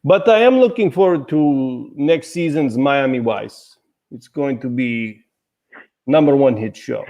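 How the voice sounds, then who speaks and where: A man putting on a bad fake Russian accent to play a gloomy stereotyped Russian man with deadpan jokes. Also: mid-range voice, unhurried, muffled recording, close to an everyday voice. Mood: mock pride.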